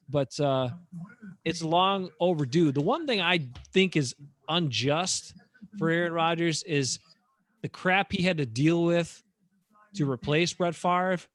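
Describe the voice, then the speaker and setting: A man's voice: a little high, fairly bright tone, dry recording. A man co-hosting a casual sports chat show, opinionated and rambling with fillers. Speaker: podcast co-host.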